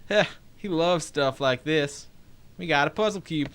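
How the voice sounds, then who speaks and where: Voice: medium pitch, expressive, moderate pace, sharp tone. A let's play host giving casual gameplay commentary, reading game text aloud with joking asides, chatting to viewers, swearing and laughing now and then.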